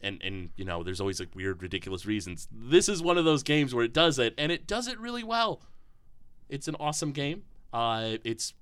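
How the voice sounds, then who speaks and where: A man's voice: mid-range voice, sing-song, fairly quick, a bit bright, clean tone. A man co-hosting a casual podcast, talking enthusiastically and rambling with lots of fillers. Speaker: podcast co-host.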